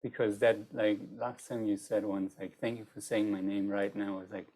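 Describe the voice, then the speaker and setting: A facilitator opening an online group session, relaxed and often laughing, with hesitant restarts. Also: sits low, normal speed. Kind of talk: casual online group chat.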